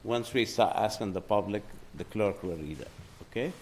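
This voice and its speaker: Brisk low-voiced meeting chair. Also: male voice, slight background noise. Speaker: board chair.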